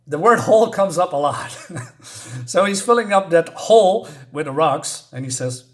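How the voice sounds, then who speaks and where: A man retells a horror story in a loose, casual way. He rambles and pauses often to search for his words, filling the gaps with ums and you-knows. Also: on the high side.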